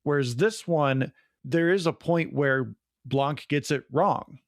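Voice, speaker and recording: A chatty podcast co-host rambles enthusiastically about films in a casual review, saying "like" a lot. His voice is a little high and slow, recorded at studio quality with no echo.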